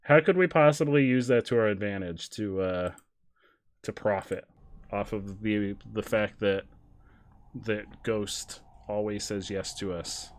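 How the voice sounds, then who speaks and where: A man streaming a video game with a stuffy nose, chatting casually, reading the game's dialogue aloud, and greeting his chat in a loud, high, animated voice. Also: measured pace.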